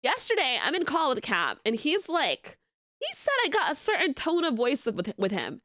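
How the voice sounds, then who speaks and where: A young woman streamer chatting casually with her viewers, telling stories in animated, laughing rants. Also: high voice, normal speed, no echo, studio quality. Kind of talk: casual live-stream chat.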